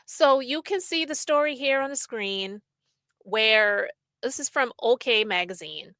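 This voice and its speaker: A woman's voice: on the high side, lively intonation, unhurried, pushed and bright, no echo. A woman hosting a podcast, reading out news and giving her blunt opinions in a chatty, casual way. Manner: chatty, opinionated, reads news aloud and riffs. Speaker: podcast host.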